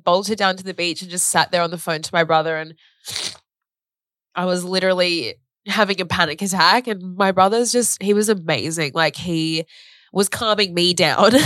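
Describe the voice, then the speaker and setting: A woman's voice: fairly low pitch, fairly bright tone, no echo, clean studio sound. A woman with an Australian accent telling an emotional personal story in a chatty way, full of "like" and acted-out quotes. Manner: chatty, fillers of "like", acts out quoted speech.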